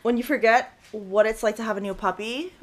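A woman's voice: fairly high pitch, a little fast, poor audio. A woman vlogging casually, cooing at puppies in baby talk and often gasping and laughing. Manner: excitable, gasps and laughs often. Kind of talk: casual vlog.

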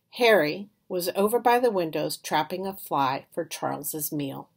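A woman reading a children's chapter book aloud in an expressive storytelling manner. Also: fairly low pitch, a little slow, slightly rough. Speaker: reader.

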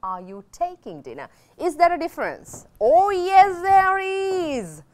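A woman's voice: very high-pitched, very animated, a little slow, darkish tone. A middle-aged woman with a Sri Lankan accent teaching English on a TV lesson, drilling phrases over and over and switching into Sinhala.

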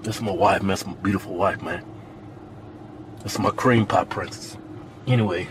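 A man in casual comedic banter, joking crudely, loud, and breaking into laughter often. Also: low-pitched, steady tone, normal speed, background noise. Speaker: comedy vlogger.

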